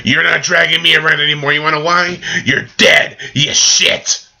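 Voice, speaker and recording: Brash tough guy , as a man puts him on, screaming, crude one-liners, piercing bright tone. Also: a little high, fairly even intonation, moderate pace, vocal fry, pitched above the performer's own voice, full character voice. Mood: yelling. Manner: yelling.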